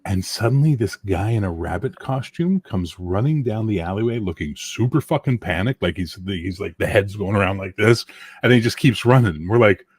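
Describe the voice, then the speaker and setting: A man's voice: lowish voice, animated, moderate pace, slightly rough, no room sound. A man in his fifties, the host, telling a story in casual, profane chat. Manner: swearing, storytelling, laughing. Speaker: game master hosting a chat show.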